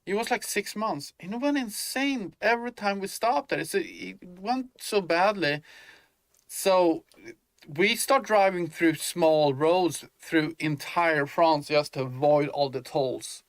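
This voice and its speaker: A man's voice: on the high side, a bit bright, no echo. A man chatting casually in a game-dev vlog, rambling with many fillers and restarts, thinking aloud as he works. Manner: thinks aloud while working. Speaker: indie game developer. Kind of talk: casual dev-log chat.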